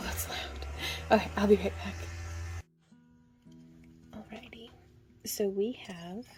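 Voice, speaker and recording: Female craft instructor, mellow dark tone, casual step-by-step tutorial delivery. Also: mid-range voice, creaky. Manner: relaxed, chatty, counts stitches aloud.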